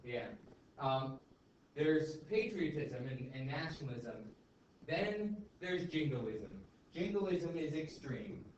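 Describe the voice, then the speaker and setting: A man's voice: a little high, expressive, slow pace, darkish tone. A male teacher lecturing a class in a casual, chatty way, checking in with "okay?" and "right?" all the time. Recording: echoey classroom, far mic, dull and noisy.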